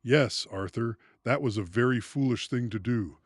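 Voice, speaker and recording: A man's voice: mid-range voice, moderate pace, slightly rough, no echo, clean studio sound, natural voice. A man reading an audiobook, voicing a gloating, scheming male villain who mocks in a sing-song way. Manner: mocking, sing-song cackling. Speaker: audiobook narrator.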